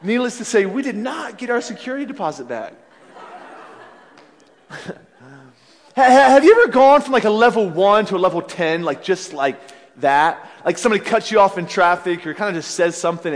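High-voiced male pastor in a reverberant hall. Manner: animated storytelling with frequent restarts. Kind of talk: sermon. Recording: long reverb of a large hall.

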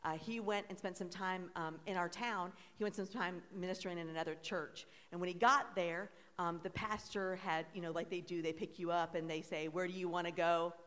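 A woman's voice: on the low side, steady tone, moderate pace, hardly any pauses, a bit bright. A woman pastor giving a sermon to a congregation, chatty when telling stories and fervent when she prays. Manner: chatty storytelling, then fervent prayer. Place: church sanctuary. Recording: long hall reverb.

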